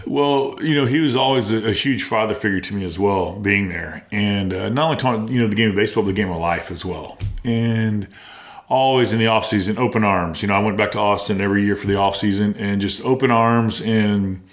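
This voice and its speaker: Middle-aged american guy, talks fast, lowish voice, spinning baseball stories, echoey room. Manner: animated storyteller, acts out quotes, laughs often. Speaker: former college baseball player, guest. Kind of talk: casual storytelling interview.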